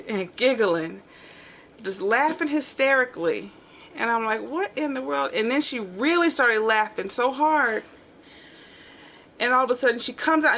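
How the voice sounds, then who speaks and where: A middle-aged woman hosting a home channel, telling family stories in casual chat and acting out the quotes loudly. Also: mid-range voice, slight background noise. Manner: animated storyteller, acts out quotes loudly. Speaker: channel host.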